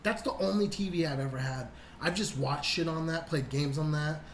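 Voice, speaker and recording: A man's voice: fairly high pitch, moderate pace, over a noisy crowd. A young man co-hosting a podcast in a laid-back, swear-filled way, always calling people dude and dog. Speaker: podcast co-host. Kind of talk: casual chat. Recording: echoey room with faint noise.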